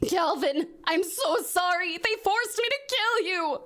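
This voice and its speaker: A woman voicing an anguished young man who shouts in desperation and panic. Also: extremely high pitch, lively intonation, a little slow, voice pushed up, full character voice. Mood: fearful.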